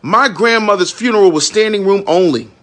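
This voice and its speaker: A man's voice: high-pitched, fairly quick, a bit bright. A man in his thirties, a minister and entrepreneur, speaking candidly and emotionally in a live-stream monologue, swearing freely and often checking in with his listeners. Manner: raw, frank and emotional, with profanity and many "you know what I'm saying".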